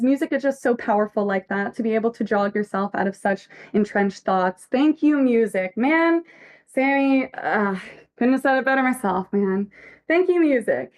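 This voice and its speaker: A woman giving casual livestream commentary as a fanfic author, earnest and reflective, reading chat messages aloud. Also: mid-range voice.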